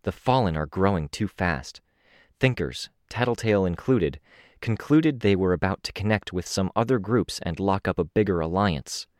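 A man reads a blunt, guarded young heroine in an audiobook, speaking in short, clipped sentences. His low voice barely shifts for her, and the sound is dry and close. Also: animated, normal speed, no echo. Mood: curt. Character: terse young woman hero, guarded and blunt.

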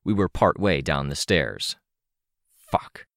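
A man narrating a first-person audiobook in a steady, wry way. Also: very deep voice, slow, gravelly, dry recording, studio quality.

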